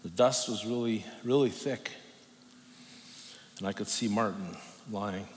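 A middle-aged man preaching a personal testimony, telling it in a halting, emotional way with long pauses. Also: lowish voice. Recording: long reverb from a hall, faint noise.

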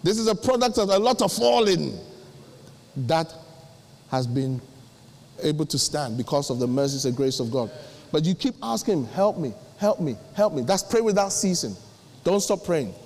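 A middle-aged male pastor preaching, acting out little dialogues with sudden jumps in pitch. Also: lively intonation, moderate pace, vocal fry, pauses often, a little mellow. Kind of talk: sermon. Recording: long hall reverb.

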